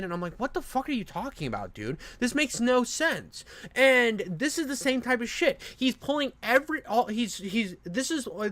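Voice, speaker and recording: High-voiced man ranting in profane commentary. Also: a bit bright, no room sound. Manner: profane, ranting, frequent restarts. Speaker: drama commentator. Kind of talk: heated reaction commentary.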